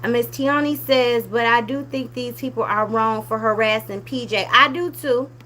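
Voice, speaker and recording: A woman's voice: fairly high pitch, moderate pace. A woman hosting a commentary channel, talking casually and animatedly, scolding the people she talks about. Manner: animated, scolding, drops to a hushed whisper at times.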